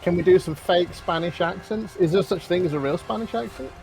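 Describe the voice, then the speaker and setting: A man's voice: sits high, fairly quick, gravelly, a little mellow, soft background music. A man commentating a video game match in casual style, with joking, self-deprecating banter and the odd swear.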